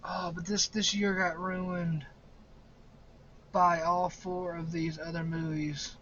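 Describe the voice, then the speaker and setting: A young man with a fairly high voice rambles through a ranking of horror films. He swears freely and laughs easily. The recording sounds a little dull, with a faint hiss underneath. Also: flat delivery, pushed and bright. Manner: profane, rambling, quick to laugh. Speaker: horror movie vlogger. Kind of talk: casual ranking commentary.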